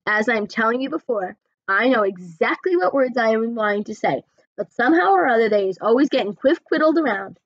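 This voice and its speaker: A woman's voice: fairly high pitch, lively intonation, fairly quick, dry recording, lo-fi sound. A woman voicing a huge, kindly, very old male giant who mangles his grammar and invents words. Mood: animated.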